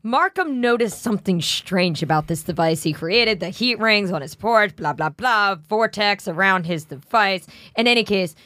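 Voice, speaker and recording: A woman's voice: mid-range voice, animated, moderate pace, few pauses, a bit bright, no echo, studio quality. A woman co-host recounting a strange true-crime story in casual podcast chat, with wry asides.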